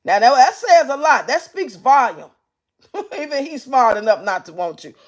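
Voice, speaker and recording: A woman hosting a livestream, giving blunt, profane commentary and reading her chat out loud. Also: high voice, big pitch swings, normal speed. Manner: brash, profane, mocking. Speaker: livestream host reacting to clips.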